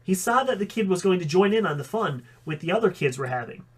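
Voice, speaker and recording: Guy reading a fan story out loud, mid-pitched voice, fixes his slips as he goes. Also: expressive, quick pace, slightly rough. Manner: reads with occasional slips and self-corrections. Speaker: audiobook reader.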